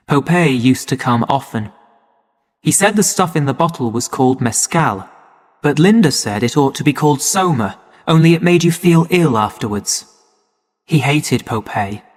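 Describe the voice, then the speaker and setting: A man narrating a story for English learners in a slow, clear and measured way. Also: mid-range voice. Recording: long hall reverb.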